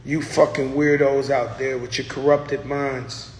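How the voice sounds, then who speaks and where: A man hosting his own show, telling stories in a loud, profane, boisterous way and acting out what others said. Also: medium pitch, level tone, measured pace, a little hiss or hum. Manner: boisterous, profane storyteller who acts out quotes. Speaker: host. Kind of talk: casual monologue to viewers. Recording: roomy echo with long reverb.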